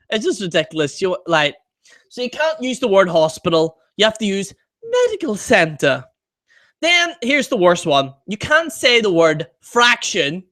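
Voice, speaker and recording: A man with a high-pitched voice hosts a live stream, ranting in exasperated disbelief. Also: sing-song, measured pace, bright, forceful tone. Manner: exasperated and incredulous.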